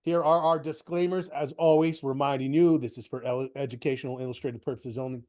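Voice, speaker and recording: A man's voice: mid-range voice, fairly even intonation, a little fast, darkish tone. A middle-aged man with a cold, stuffy and coughing now and then, hosting a live market webinar in a rambling, chatty way that often restarts sentences. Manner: rambling, self-correcting, chatty. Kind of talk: casual live webinar talk.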